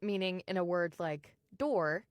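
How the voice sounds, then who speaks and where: A woman with a General American accent, an audiobook narrator, explaining and slowly sounding out vowels in a casual tutorial. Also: lowish voice, no echo.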